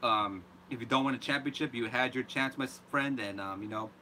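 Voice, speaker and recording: Bright-voiced man ranting animatedly. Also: mid-range voice, brisk, a little hiss or hum. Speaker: host. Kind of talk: live reaction rant.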